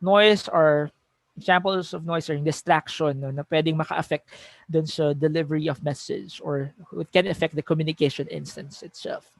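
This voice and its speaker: Filipino male lecturer, fairly high voice, dry booth-like sound, self-correcting conversational delivery. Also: fairly even intonation, moderate pace, creaky, no echo. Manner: reads example sentences aloud with shifting emphasis, frequent self-corrections. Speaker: teacher giving a webinar. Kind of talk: conversational lecture mixing English and Tagalog.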